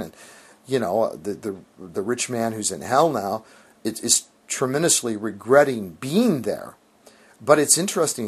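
Husky-voiced man teaching theology. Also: fairly low pitch. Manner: earnest, emphatic, with frequent restarts and fillers. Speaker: Christian author.

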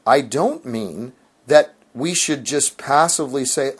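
A man's voice: mid-range voice, animated, unhurried, husky. A man, a Christian author, explaining theology in an earnest, emphatic conversational way, with frequent restarts.

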